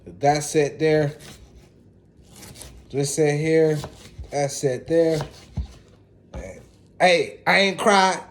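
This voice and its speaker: A man's voice: a little high, fairly even intonation, very slow, long pauses, slight background noise. A man, chatting casually to viewers in a laid-back way while he cooks. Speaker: home cook. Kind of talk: casual cooking vlog.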